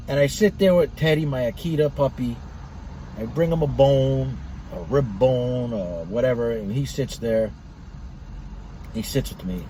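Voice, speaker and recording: A man's voice: mid-range voice, darkish tone, a little hiss or hum, poor audio. A middle-aged man reviewing cigars in a blunt, profane, rambling monologue.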